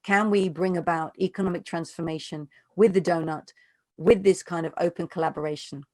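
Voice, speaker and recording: A woman's voice: on the low side, fairly even intonation, a little fast, dark tone, no echo. A woman, an economist, giving an earnest, emphatic talk and answering questions over a video call. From United Kingdom. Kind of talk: lecture and Q&A answers.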